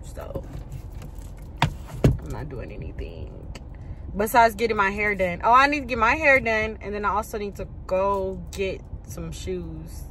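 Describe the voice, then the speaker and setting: A woman's voice: mid-range voice, big pitch swings, unhurried, noisy background. A woman, chatting casually to her phone camera in a rambling vlog. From Houston, Texas. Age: 20s. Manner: chatty, rambling, talks to viewers as y'all. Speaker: nursing student vlogger. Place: in a car and walking around campus.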